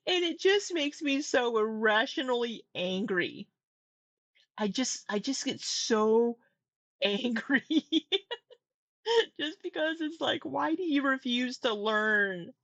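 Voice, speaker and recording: A woman's voice: a little high, lively intonation, takes it slowly, a bit bright, dry recording, lo-fi sound. A woman hosting a casual livestream, talking candidly, swearing now and then and getting exasperated. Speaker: livestream commentary host.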